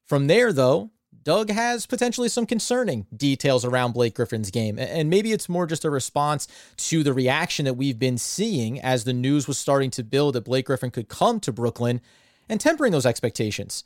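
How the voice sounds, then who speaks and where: Man, basketball podcast host, smooth, upbeat, fluent, dry recording. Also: medium pitch, expressive, moderate pace, no echo. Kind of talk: casual sports podcast chat.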